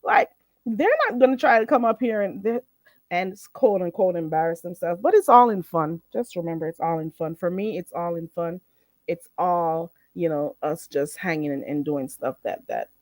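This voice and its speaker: Lively Jamaican woman streamer. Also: fairly low pitch, no echo, studio quality. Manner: animated, laughs often, drawn-out slow phrases when teaching. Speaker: streamer teaching Jamaican Patois. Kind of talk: casual live-stream lesson. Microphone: streaming setup microphone.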